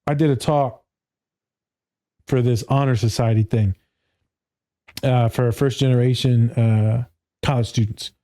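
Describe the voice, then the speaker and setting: A man's voice: medium pitch, steady tone, a little slow, long pauses, dark tone. A man in his thirties, a therapist, talking casually on a podcast in a blunt, profane way and laughing often. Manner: blunt, profane, laughs often, does voices when quoting people.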